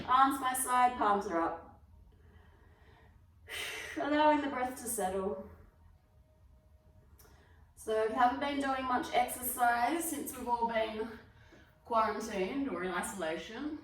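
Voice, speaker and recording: A woman with an Australian accent leading a yoga class, giving calm step-by-step breathing cues while she demonstrates the moves. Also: fairly high pitch, a little slow, pauses often. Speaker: yoga instructor. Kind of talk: guided exercise class. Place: fitness studio. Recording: very echoey room, mic far off.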